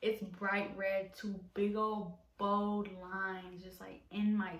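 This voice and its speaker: A woman's voice: mid-range voice, flat delivery, slow, fairly bright tone, distant mic. A young adult woman telling a personal story in a casual vlog, rambling with lots of fillers. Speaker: vlogger. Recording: roomy echo, off from mic.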